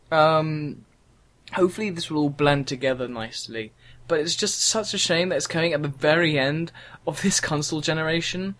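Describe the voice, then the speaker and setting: Chatty young man, slightly high voice. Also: fairly bright tone. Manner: rambling, chatty, frequent ums. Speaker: podcast co-host. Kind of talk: casual gaming podcast chat.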